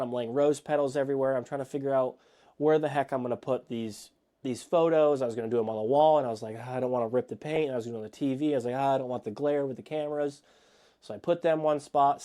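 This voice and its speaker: A man co-hosting a podcast, telling an excited, rambling story in casual chat from a home studio. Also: medium pitch. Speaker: podcast co-host.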